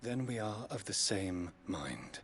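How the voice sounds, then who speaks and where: A man's voice: on the low side, sing-song, takes it slowly, fairly bright tone, slight background noise, exaggerated voice. An actor playing a solemn, devout male knight-leader who speaks in formal, courtly phrases.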